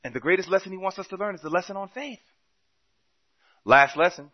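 A man preaching a sermon, telling a story with quoted dialogue and swinging between loud and soft passages. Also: sits high, expressive, very fast, breathy edge, highs cut off.

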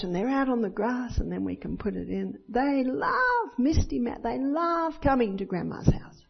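In a high-pitched, gravelly, husky voice with big pitch swings, an older woman gives a sermon at normal speed. This Christian speaker tells personal stories and acts out the voices of children and others, captured on a dull lo-fi recording.

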